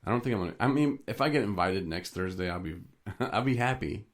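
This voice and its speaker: This man co-hosts a podcast, talking in a fairly low, animated voice at a brisk pace. His casual chat wanders through stories, punctuated by frequent chuckles.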